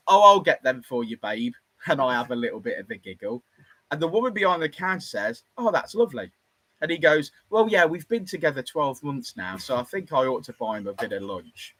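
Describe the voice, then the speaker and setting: A man's voice: medium pitch, slightly rough, dry recording, low-quality recording. A man, telling a casual story from his garage workshop and acting out the other voices. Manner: lively, animated, acts out the other voices.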